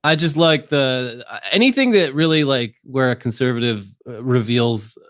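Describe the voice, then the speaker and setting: A man's voice: mid-range voice, animated, moderate pace, fairly bright tone, no room sound, clean studio sound. A man in casual podcast chat who hesitates and fills gaps with lots of uh's. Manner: hesitant, many fillers.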